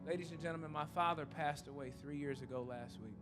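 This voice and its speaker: A man's voice: a little high, quick pace, over music. A man preaching a sermon in a church, telling a humorous story and then making an earnest, repetitive appeal. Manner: repetitive and emphatic. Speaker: pastor.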